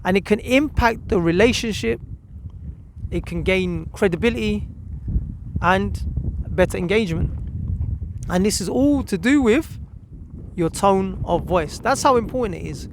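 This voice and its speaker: A man's voice: high voice, lively intonation, measured pace, long pauses, noisy background. A man giving a spoken lesson as a parenting channel host, talking in short phrases and repeating words when he stresses a point.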